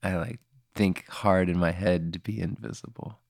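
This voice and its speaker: Low-voiced man, hesitant improv guest. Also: steady tone, normal speed, gravelly, darkish tone, dry recording. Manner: hesitant, stammering. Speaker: podcast guest. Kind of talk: improvised role-play answers.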